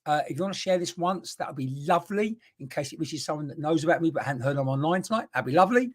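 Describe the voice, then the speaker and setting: A man's voice: fairly high pitch, lively intonation, fast. Chatty man giving a live spirit reading. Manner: chatty, rambling, exclaiming, talking to unseen spirits and viewers. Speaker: spiritual medium. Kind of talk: live online mediumship reading.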